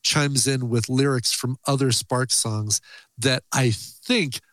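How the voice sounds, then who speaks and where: A man co-hosting a music podcast, chatting in a relaxed way about cover songs, with plenty of ums and uhs. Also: mid-range voice, slow, dry recording. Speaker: podcast co-host. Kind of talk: casual music podcast chat.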